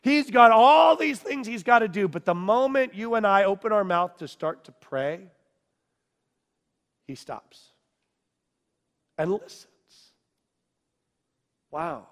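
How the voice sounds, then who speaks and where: Male preacher, high voice, dramatic sermon storytelling from hush to shout, long hall reverb. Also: expressive, moderate pace, creaky, hardly any pauses.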